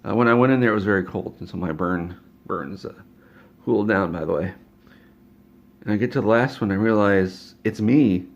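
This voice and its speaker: Low gravelly guy rambling thru a silly made-up story, stammers a lot, lo-fi sound. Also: moderate pace. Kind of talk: absurd comedic storytelling.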